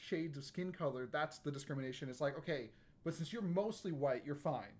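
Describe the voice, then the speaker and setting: A co-host on a live stream, chatting casually in a halting, rambling way. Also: medium pitch, animated, a little mellow. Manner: rambling, halting, full of restarts.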